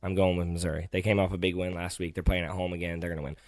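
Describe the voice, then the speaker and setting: A man hosting a casual podcast chat, talking in a patient, gently teasing way as he explains things step by step. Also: sits low, little pitch movement, rapid-fire, dry recording. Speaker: podcast host.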